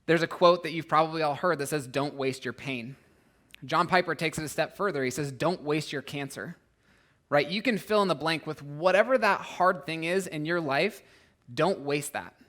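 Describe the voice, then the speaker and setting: A man's voice: a little high, brisk, a bit bright. Earnest male pastor preaching conversationally. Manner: earnest, conversational preaching with frequent "right?" asides; acts out voices and rises in volume for emphasis. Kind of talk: sermon. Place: church.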